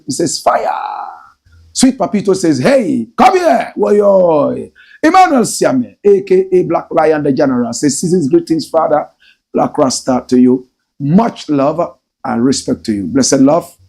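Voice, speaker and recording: A middle-aged man with a Ghanaian English accent hosts a commentary show. His gravelly voice swings widely in pitch. A husky edge runs through his emphatic, drawn-out delivery. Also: a little mellow. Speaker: show host.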